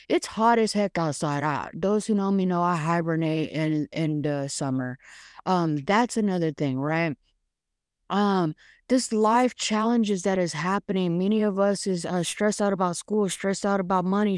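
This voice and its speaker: A woman's voice: on the low side, darkish tone, no echo, clean studio sound. A woman hosting a podcast, talking frankly and casually through a devotional monologue with plenty of fillers. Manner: frank, chatty, swears casually, many fillers. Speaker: podcast host.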